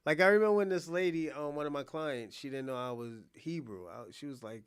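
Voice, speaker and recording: A young man casually commenting on an interview clip, rambling and thinking out loud with many restarts. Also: a little high, quick pace, hardly any pauses, clear, resonant tone, no room sound, studio quality. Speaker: reaction streamer.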